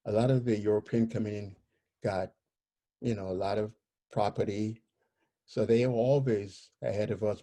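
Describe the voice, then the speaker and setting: Interview guest, male, mellow tone, halting and searching for words as he tells his story. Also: lowish voice.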